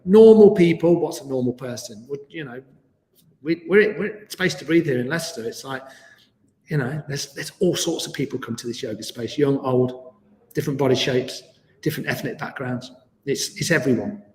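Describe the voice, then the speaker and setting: A middle-aged man, leading a live online yoga class in a chatty, self-deprecating, gently encouraging way. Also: on the high side. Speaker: yoga instructor. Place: yoga studio. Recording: echoey room with long reverb.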